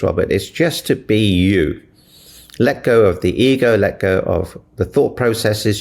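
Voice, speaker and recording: A man's voice: on the low side, vocal fry, darkish tone. A man from Africa, a relationship mentor, answering interview questions with earnest, inspirational stories and retold dialogue.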